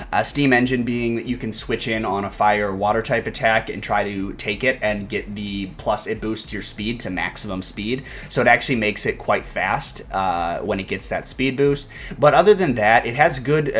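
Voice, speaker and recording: A man's voice: lowish voice, a little hiss or hum. A man casually analyzing his game team in a video, enthusiastic and rambling, with frequent fillers and restarts. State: hiccups. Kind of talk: casual commentary.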